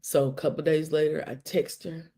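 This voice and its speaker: A middle-aged woman tells a personal story on her live stream. Her voice has a gravelly edge, and she acts out the dialogue, dropping to a hush and then climbing high with feeling. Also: moderate pace. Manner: animated storytelling with quoted dialogue and dramatic hushes. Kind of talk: casual live-stream talk.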